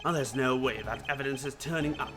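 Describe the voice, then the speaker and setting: A man's voice: mid-range voice, fast talker, over music, lightly acted. A man voicing a smug, scheming older male prosecutor who talks down to people in a mannered, condescending way.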